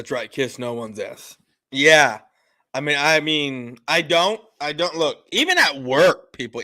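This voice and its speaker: A show host on a casual livestream tells a family story bluntly, acting out the dialogue in a bright, forceful, mid-range voice with no room sound. Frank and profane, he describes himself as having attitude.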